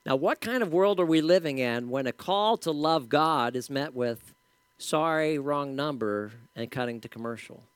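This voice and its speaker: A pastor preaching a sermon in a conversational, storytelling way with casual asides. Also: male voice, on the high side, lively intonation, moderate pace, smooth, no room sound.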